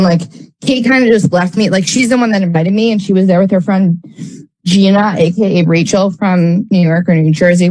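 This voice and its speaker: A woman's voice: medium pitch, warm tone, rough recording. Rambling woman telling a story. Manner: rambling, heavy use of "like" fillers; blunt, swears freely. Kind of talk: casual storytelling.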